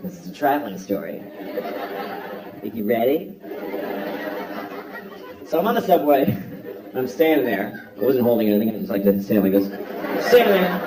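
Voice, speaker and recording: A middle-aged man telling wry, self-mocking stand-up stories to a live audience. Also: mid-range voice. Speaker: stand-up comedian. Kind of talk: stand-up comedy. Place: large hall or theater. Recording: roomy live hall from a distance with crowd laughter.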